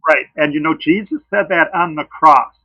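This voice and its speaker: A man with a gravelly voice arguing for creation in a friendly debate, telling earnest personal stories. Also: a little high, moderate pace, sharp tone, no echo. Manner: earnest, tells personal stories, says pissed off. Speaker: creationist speaker. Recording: dull lo-fi dry sound.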